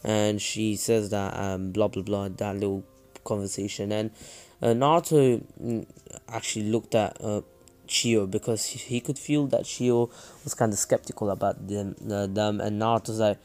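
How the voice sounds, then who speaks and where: A man casually retells a fan story in a low voice, rambling, correcting himself and cracking jokes. Faint music plays underneath. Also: fairly even intonation, moderate pace, darkish tone. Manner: rambling, self-correcting, joking.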